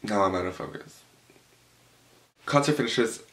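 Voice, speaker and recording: A young man telling an animated, profane story at home, full of "like" fillers. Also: lowish voice, a little slow. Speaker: vlogger. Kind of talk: storytime vlog. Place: home room with a cloth backdrop.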